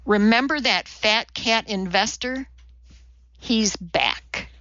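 A woman narrator voicing a blunt, brash female executive who talks briskly and bossily, recorded a little dull. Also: fairly high pitch, pushed and bright, no echo, exaggerated voice. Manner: brisk, profane, bossy.

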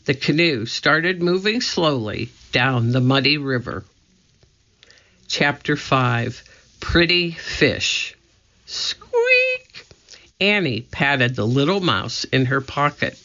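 A man reading a children's storybook aloud, narrating slowly and deliberately. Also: medium pitch, animated, pushed and bright. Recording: dull lo-fi recording.

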